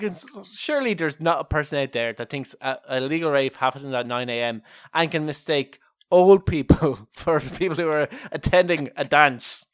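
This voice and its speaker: A man's voice: a little high, no room sound, studio quality. An Irish man co-hosting a casual comedy podcast, telling a story in a jokey way and laughing often at his own lines. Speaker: podcast co-host.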